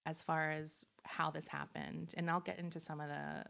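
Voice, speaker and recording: A woman's voice: sits low, flat delivery, moderate pace, vocal fry, fairly bright tone. Chatty woman telling a crime story. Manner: chatty, laughs often, acts out quotes. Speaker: podcast host. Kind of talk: casual true-crime storytelling.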